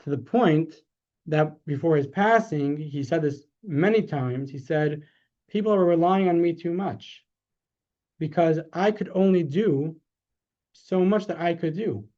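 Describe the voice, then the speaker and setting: Animated man lecturing, lo-fi sound. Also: a little slow. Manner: animated, rises in pitch when making his point; self-correcting, conversational. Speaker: rabbi teaching a class. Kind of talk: storytelling lecture. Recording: dull lo-fi sound.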